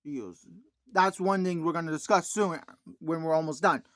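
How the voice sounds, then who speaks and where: A man's voice: a little high, moderate pace, a bit bright, no room sound, clean studio sound. Rambling man recapping a movie. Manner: rambling, full of "like, um" fillers, clears throat often. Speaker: movie reviewer. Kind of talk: casual spoken movie recap.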